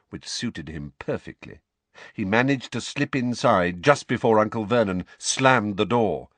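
A man narrating an audiobook in an expressive storytelling manner. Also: on the low side, no room sound. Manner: expressive, lively. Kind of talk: scripted narration.

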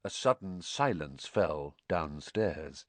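A man reading an audiobook aloud with animated, dramatic storytelling on a close studio mic. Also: extremely low pitch, slow, no echo. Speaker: audiobook narrator. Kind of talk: expressive audiobook narration.

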